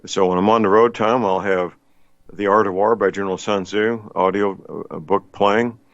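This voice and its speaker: A man's voice: fairly low pitch, steady tone, normal speed, fairly bright tone, no echo. An older man hosting a radio talk show, chatting in a folksy, rambling way with many fillers. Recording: dull lo-fi radio sound.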